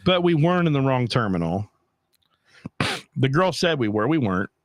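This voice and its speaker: A young man, the host, telling a travel story in an animated, profane rant. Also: medium pitch, moderate pace, dry recording. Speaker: podcast host. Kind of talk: casual storytelling.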